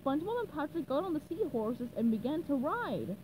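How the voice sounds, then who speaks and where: A woman reading a storybook aloud with slow, animated narration. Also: high-pitched, a little hiss or hum, low-quality recording. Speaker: storybook reader.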